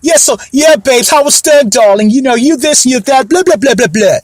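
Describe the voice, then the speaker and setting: A man's voice: very high voice, expressive, brisk, dry recording, faint music behind, pitched above the performer's own voice. A man mimicking a gossipy woman talk-show host who drawls and calls people babes and darling. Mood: mocking.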